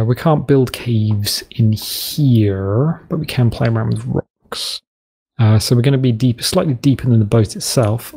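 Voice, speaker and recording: A man's voice: medium pitch, vocal fry, mellow. A British man hosting a game video, rambling and self-deprecating as he talks through building a map. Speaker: gaming video host. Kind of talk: rambling let's-play commentary.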